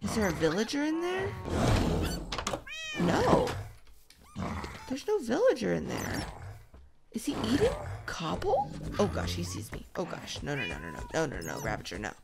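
A woman hosting a gaming channel, giving soft whispered ASMR commentary as she plays and chats to the game's animals. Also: on the low side, sing-song, fast talker, creaky, few pauses, heavy background noise. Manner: soft whispering, chatty asides to the game animals.

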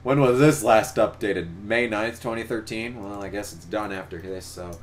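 A man's voice: on the low side, moderate pace, a little hiss or hum. A man reading fan fiction aloud for the first time, swearing and reacting in disbelief. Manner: profane, incredulous, exclaiming. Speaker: YouTuber.

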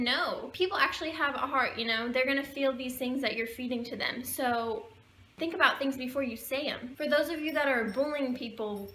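A young woman speaks straight to camera in an earnest, emotional, slightly preachy way. Her voice is bright and fairly high. The room is echoey, with a faint hiss of background noise. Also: moderate pace. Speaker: vlogger. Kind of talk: heartfelt talk to camera.

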